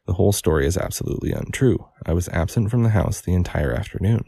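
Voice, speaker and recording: A man reading the lines of a calm, haughty gentleman under questioning. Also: low-pitched, fast, creaky, breathy edge, no echo, clean studio sound, heavily acted.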